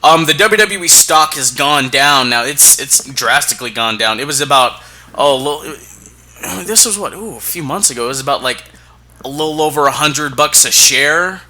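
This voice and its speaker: A man's voice: on the high side, expressive, moderate pace, pushed and bright. A man co-hosting a casual wrestling podcast, often stumbling and repeating words, with playful hype. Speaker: podcast co-host.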